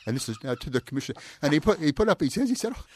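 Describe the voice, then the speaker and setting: A man's voice: a little high, racing, dry recording. An older man with an Australian accent, a former police inspector, telling stories in an interview with frequent "I said" repeats and laughter. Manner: animated, repeats "I said" often, laughs while telling. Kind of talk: anecdotal storytelling in conversation.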